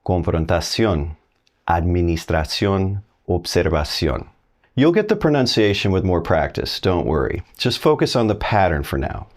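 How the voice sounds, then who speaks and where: A man's voice: on the low side, wildly swooping pitch, brisk, hardly any pauses. A middle-aged man giving a video language lesson, talking straight to the viewer in a folksy, encouraging way. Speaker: Spanish teacher.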